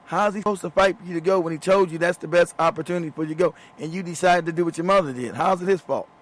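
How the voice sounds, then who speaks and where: High-pitched laughing middle-aged man host. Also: very fast, a bit bright. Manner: laughs often, profane, repeats words. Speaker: show host. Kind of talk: casual storytelling talk show.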